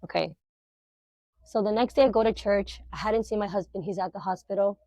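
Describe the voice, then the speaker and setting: A middle-aged woman, a podcast guest, telling a personal faith testimony in an animated, emotional, filler-heavy way. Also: mid-range voice, a little fast, no room sound.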